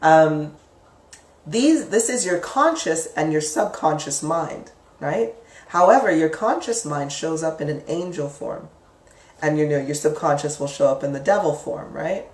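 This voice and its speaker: A woman giving a casual spoken lesson on the mind, chatty and lively, acting out inner voices with sudden leaps up in pitch. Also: measured pace, far from the mic. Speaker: psychic teacher. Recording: echoey room, speaker away from the mic.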